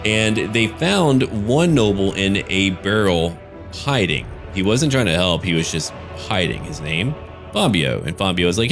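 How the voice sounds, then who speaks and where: A man with a very low voice talks through a casual update for his gaming channel. He rambles and jumps between thoughts. He drops in a curse word here and there. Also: sing-song, a little slow, vocal fry, music in the background. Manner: rambling, loose, with casual swearing. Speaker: gaming YouTuber and game master.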